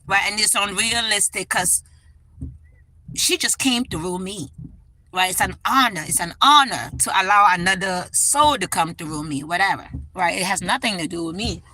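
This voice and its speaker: A woman's voice: mid-range voice, moderate pace, bright, forceful tone, slight background noise, poor audio. A woman hosting a casual spiritual livestream, talking with feeling and often checking in with "right?". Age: adult parent. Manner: emotional, tearful at times, many "right?" asides. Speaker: livestream host.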